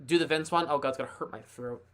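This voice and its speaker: A man hosting a casual live sports stream, thinking aloud in a chatty, excitable way. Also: mid-range voice, fast. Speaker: livestream host.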